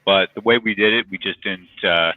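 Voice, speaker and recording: Man with a low voice, loose profane talk, tinny dry call audio. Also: brisk, dry recording. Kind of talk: casual livestream chat.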